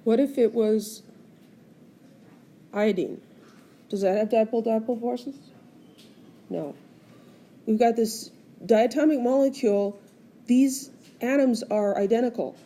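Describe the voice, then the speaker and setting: This chemistry lesson comes from a woman with a mellow, mid-range voice, recorded as a tablet screencast. She walks through the content step by step while quizzing the class.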